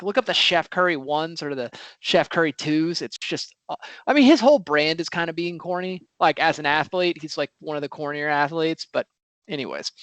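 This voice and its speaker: A man hosting a casual football podcast, talking in an animated, rambling way with lots of fillers. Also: a little high, no echo. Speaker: podcast host.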